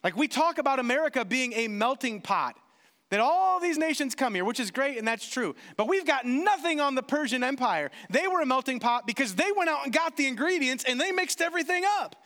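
A man preaches with a high, animated voice that leaps up and down as he acts out little exchanges. His delivery is lively and expressive. The sound carries the long reverb of a large hall. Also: brisk. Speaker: pastor. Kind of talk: sermon.

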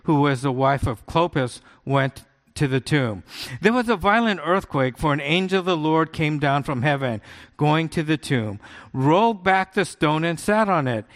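An older male pastor with a notably high voice, storytelling in an animated, playful way. He slips into quick character voices and pokes fun at himself before turning to scripture. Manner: animated, acts out comic-strip voices, self-mocking humor. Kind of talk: sermon with storytelling.

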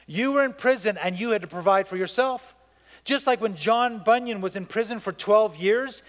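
Pastor guy preaching, pretty high voice, acts out the people in his stories, big echoey church. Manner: storytelling with acted-out voices, emphatic and animated. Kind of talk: sermon.

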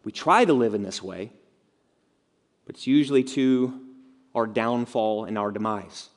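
Pastor, male, mid-pitched voice, chatty sermon delivery, long hall reverb. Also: a little slow. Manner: conversational preaching with asides and rhetorical questions.

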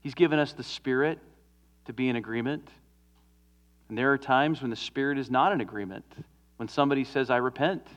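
A man preaching a sermon as a pastor, earnest, moving from emphatic stresses to hushed, drawn-out endings. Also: mid-range voice.

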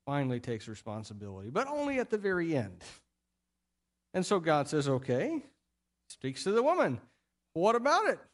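Animated middle-aged male pastor preaching. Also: a little high, moderate pace, long pauses. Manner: animated storytelling with playful acted quotes. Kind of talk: sermon.

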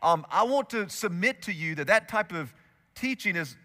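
A man preaching a sermon as a pastor, telling a story in a lively way and acting out its quotes. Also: sits high, normal speed, big-room sound. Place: church auditorium.

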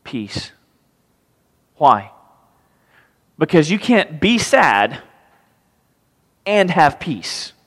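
A man's voice: fairly high pitch, drawn-out words, pauses often, in a large hall. A man preaching a sermon, reading scripture and acting out the pleading voices of the people in it. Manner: animated, acts out pleading voices. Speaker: pastor.

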